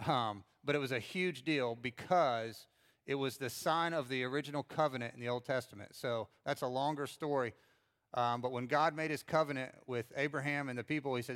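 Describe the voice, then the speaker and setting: A middle-aged pastor preaching a sermon in a conversational way, with frequent fillers and restarts. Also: male voice, mid-range voice, steady tone, a little fast, a bit bright.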